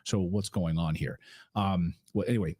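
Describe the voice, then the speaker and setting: A low, slightly husky man talks through the day's political news in a loose, unscripted way. He rambles, restarts his thoughts and leans on fillers as he reacts to clips for his viewers. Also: fairly even intonation, moderate pace, mellow. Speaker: host of a political commentary stream. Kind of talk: casual political commentary.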